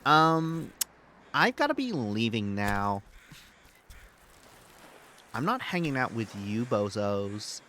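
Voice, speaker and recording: A man's voice: mid-range voice, big pitch swings, drawn-out words, hardly any pauses, dark tone, slight background noise. A man voicing a sassy, dismissive young valley girl with a sing-song drawl. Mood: snooty.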